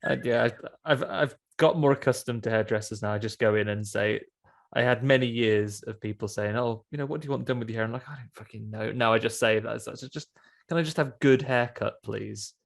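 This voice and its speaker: A man's voice: medium pitch, fairly even intonation, a little fast, gravelly. A man hosting a casual film podcast, rambling and swearing as he acts out little scenes. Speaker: podcast host.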